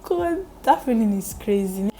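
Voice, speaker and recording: Animated Nigerian woman telling a story. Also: fairly high pitch, unhurried, music in the background, poor audio. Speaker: vlogger. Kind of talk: storytime chat.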